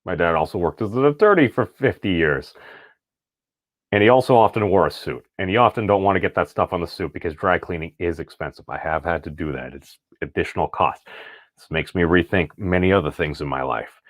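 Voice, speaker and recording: A man in middle age, hosting his own commentary video. His voice sits low and dry, right up against the mic with no room sound. He rambles from point to point with a wry, offhand tone. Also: a little fast, dry recording. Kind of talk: casual online commentary.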